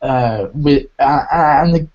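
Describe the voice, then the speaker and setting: A man's voice: mid-range voice, slow, darkish tone. Rambling enthusiastic man, dull lo-fi sound. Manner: enthusiastic, rambling with many restarts. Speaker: podcast host reviewing audio dramas. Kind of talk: casual review chat. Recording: dull lo-fi recording.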